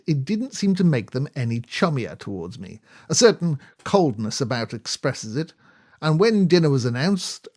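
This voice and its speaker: A man's voice: medium pitch, darkish tone. Breezy male audiobook narrator. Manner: breezy, jaunty first-person storytelling. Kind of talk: scripted comic narration.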